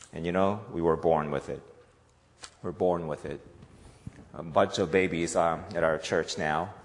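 A man's voice: deep voice, fairly even intonation, measured pace, pauses often, big-room sound. A man preaching a sermon in a conversational way, often checking in with "right?". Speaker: pastor.

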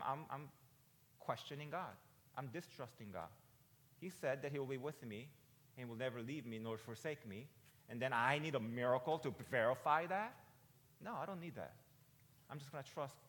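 A pastor in his forties preaching a sermon in a conversational way, often asking "right?" and rising to loud, emphatic peaks. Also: medium pitch, in a large hall. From United States. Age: 40s.

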